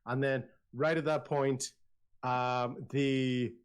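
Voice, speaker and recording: A man narrating a tabletop game as game master, telling the story in a lively way with many restarts. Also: mid-range voice, slow pace, smooth.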